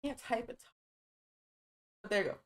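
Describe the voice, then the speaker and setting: A woman hosting a live political news stream, talking fast and emphatically, calling her viewers y'all and reading from a press release. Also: on the high side, lively intonation, low-quality recording.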